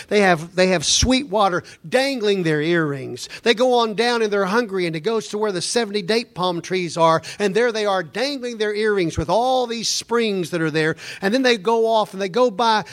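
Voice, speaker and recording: Male preacher, high-pitched, storytelling sermon, repetitive and dramatic, softens to near whisper on scripture.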